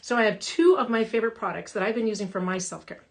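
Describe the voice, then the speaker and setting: A woman's voice: medium pitch, fast talker, vocal fry. A woman makeup artist hosting a casual live session from home, chatty and upbeat, reading viewer comments aloud as she talks. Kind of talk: casual live-stream talk. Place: home in Minnesota.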